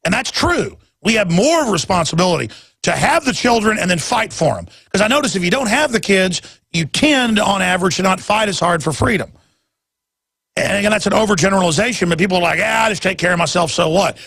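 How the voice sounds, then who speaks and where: A man's voice: high voice, expressive, fairly quick, fairly bright tone, husky, dry recording. A man in his forties hosting a talk radio show, speaking intensely and emphatically and stumbling over repeated words when worked up. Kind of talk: impassioned talk radio monologue.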